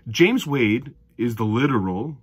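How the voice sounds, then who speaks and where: Man, commentator. Husky voice, lively pitch, heated rant, dry close mic. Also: a little slow, no room sound. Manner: heated, ranting, swings from low mutters to loud outbursts. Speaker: darts commentator. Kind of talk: opinionated solo video commentary.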